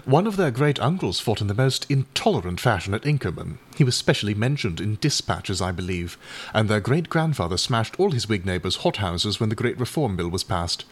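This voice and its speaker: A man reading aloud and voicing a mild, doubtful Edwardian gentleman who speaks politely and hesitantly. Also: fairly low pitch, very animated, brisk, slightly rough. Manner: hesitant, polite, a little flustered.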